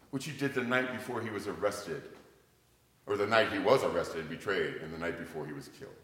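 An older male pastor preaching a sermon, telling stories animatedly and swinging from loud to hushed. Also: low-pitched, a little fast. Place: church sanctuary. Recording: echoey church hall.

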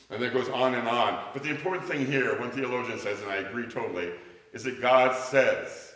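An older male pastor preaching a sermon, telling stories animatedly and swinging from loud to hushed. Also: medium pitch, lively intonation, moderate pace. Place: church sanctuary. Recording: echoey church hall.

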